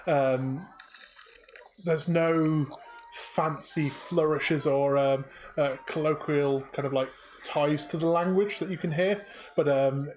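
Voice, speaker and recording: A man narrating as game master of a tabletop game, halting with many fillers. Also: fairly high pitch, a little hiss or hum, low-quality recording.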